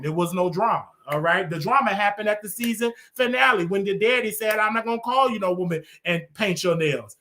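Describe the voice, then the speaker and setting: A man's voice: sits high, a bit bright. A man hosting his own show, delivering a heated, mocking commentary rant full of repetition. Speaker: show host.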